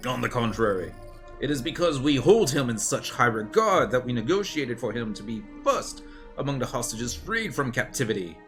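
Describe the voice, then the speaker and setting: A man's voice: mid-range voice, very animated, normal speed, fairly bright tone, soft background music. A man voicing a prissy, haughty male elven general who speaks in clipped, formal tones.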